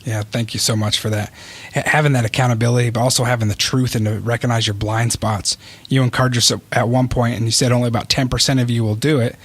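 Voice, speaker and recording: A male podcast host with a mid-pitched voice who thanks and praises his guest in an earnest, appreciative tone. The recording is dry and close. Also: fairly even intonation, fast, no room sound. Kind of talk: interview conversation.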